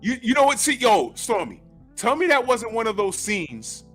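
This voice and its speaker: Male host, bright high voice, very lively pitch, excitable slang-heavy chat. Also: normal speed, faint music behind. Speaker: podcast host. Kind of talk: casual film chat.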